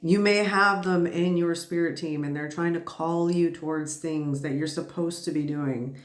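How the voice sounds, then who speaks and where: A woman's voice: low voice, steady tone, normal speed. Woman, tarot reader, tired, chatty, laughs often, echoey room. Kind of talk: casual spiritual tarot reading. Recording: roomy echo.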